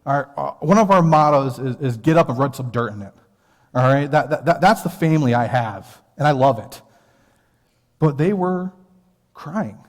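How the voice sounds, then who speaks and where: An American man in his thirties preaches from the pulpit and tells a personal story in an earnest, conversational way. His voice sits at an ordinary middle pitch. A long church-hall reverb trails after his words. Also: animated, normal speed. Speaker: pastor. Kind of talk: sermon. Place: church sanctuary.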